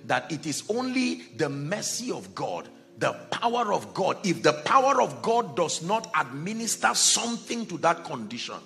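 A man preaching a sermon as pastor, dramatic, dropping to a hush and rising to shouts, acting out the people in his stories. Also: on the high side, big pitch swings, moderate pace, creaky, hardly any pauses, faint music behind. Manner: acts out Bible characters in quoted dialogue.

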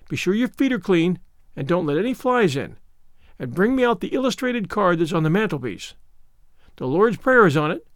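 A man's voice: sits high, dry recording, clean studio sound. A man voicing a strict middle-aged spinster in an audiobook, curt and disapproving. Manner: curt, disapproving, slow and firm. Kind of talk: audiobook character voice.

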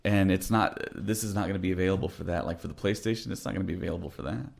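A man who co-hosts a podcast, explaining things in a steady, matter-of-fact casual chat. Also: sits low, racing, vocal fry. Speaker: podcast co-host.

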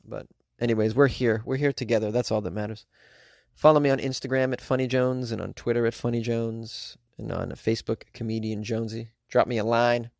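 A man's voice: mid-range voice, fairly even intonation, fairly quick, vocal fry, a little mellow, no echo, studio quality. A man hosting a comedy news podcast, chatting casually with slangy asides and frequent laughs.

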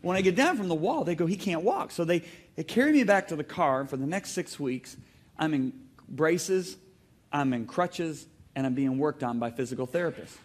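A male preacher on stage at a church, his voice sitting a little high and swinging widely in pitch as he tells stories. He preaches in an animated way, breaks into loud exclamations and gets the congregation to call out answers. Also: normal speed. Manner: calls on the congregation to shout back. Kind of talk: sermon. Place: church hall before a congregation.

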